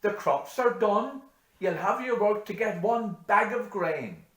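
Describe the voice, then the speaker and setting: A man voicing a gloomy old Irish farmer with a Cork accent, who laments in a high, loud, forlorn wail. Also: lively intonation, a little slow. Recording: echoey room.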